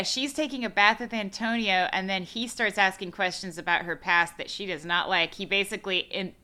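A woman chats casually on a podcast, picking apart a film with sarcasm and frequent laughter. Her voice is bright and forceful. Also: fairly low pitch. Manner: chatty, sarcastic, laughs often. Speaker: podcast co-host. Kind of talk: casual movie review chat.

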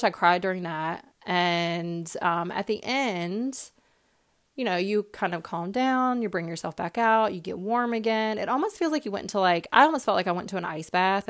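A young woman hosting a podcast, sharing a personal story in a heartfelt, casual way with many fillers and repeated words. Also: lowish voice. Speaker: podcast host.

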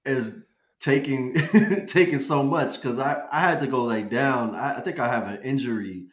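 A man's voice: mid-range voice, normal speed, roomy sound. A man in casual sports banter, jokey and laughing through his words.

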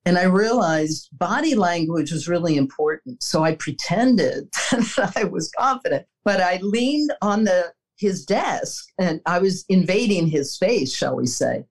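A woman's voice: on the low side, animated, unhurried, husky, poor audio. An older woman answering interview questions, telling personal stories in an earnest way, with small laughs and restarts. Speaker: interview guest, former executive.

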